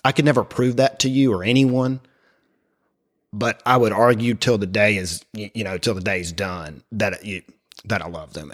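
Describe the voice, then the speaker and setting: Sharing his personal faith story in conversation, a middle-aged male guest speaks in a lowish voice. He talks haltingly, with plenty of fillers and restarts.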